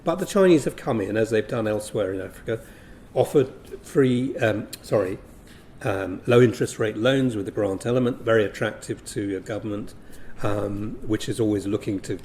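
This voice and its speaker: A man giving a business briefing presentation, measured and full of ums and self-corrections. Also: lowish voice, darkish tone, a little hiss or hum. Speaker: briefing speaker on investment.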